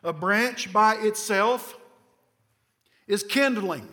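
A man's voice: high-pitched, very slow, bright, forceful tone. A man with a Southern American accent preaching a sermon as pastor, emphatic and full of repetition and rhetorical questions. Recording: long reverb of a large hall.

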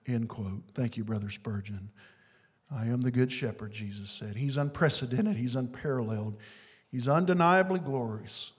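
A man preaching a sermon, swinging from booming declarations to hushed, drawn-out phrases. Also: slightly rough, long reverb tail. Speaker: pastor.

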